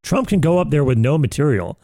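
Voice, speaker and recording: A man's voice: fairly high pitch, sing-song, fairly quick, creaky, mellow, no room sound, studio quality. A young man co-hosting a casual podcast chat, laid-back and calling people "dude" and "man". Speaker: podcast co-host.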